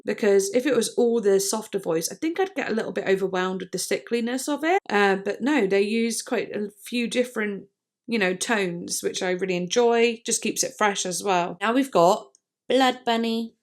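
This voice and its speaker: A woman hosting a casual album reaction, musing aloud with frequent hesitations and fillers. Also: mid-range voice. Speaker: music reaction host.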